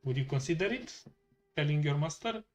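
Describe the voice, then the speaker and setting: A man's voice: a little high, animated, fairly quick, faint music behind. A man playing a tabletop game, eager and polite as his character. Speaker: player.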